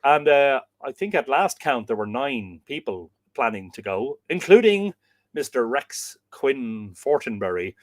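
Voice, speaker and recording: A man's voice: medium pitch, very animated, a little slow, dry recording, clean studio sound. An Irish man hosting a casual livestream, reading out viewer comments and chatting back to them. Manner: chatty, reads out comments and answers them warmly. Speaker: livestream host.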